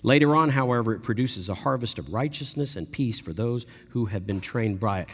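A man preaching a sermon, telling the story with animated delivery and briefly acting out the people he quotes. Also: medium pitch, normal speed, hardly any pauses. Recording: long echo of a large hall.

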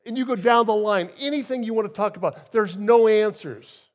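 A man preaching as a guest speaker, his voice sitting fairly high for a man. He tells stories from the pulpit, dropping soft and then rising loud for emphasis. He sounds middle-aged. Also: fast talker. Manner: storytelling, emphatic swings in loudness. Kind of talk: sermon.

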